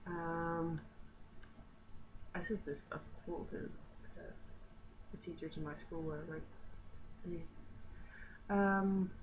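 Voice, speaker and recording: Teen girl, Newfoundland accent, chatty and rambling, slightly low voice, noisy home recording. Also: steady tone, slow pace, long pauses. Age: teens. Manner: chatty, rambling, swears casually. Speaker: vlogger. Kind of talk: casual talk to camera.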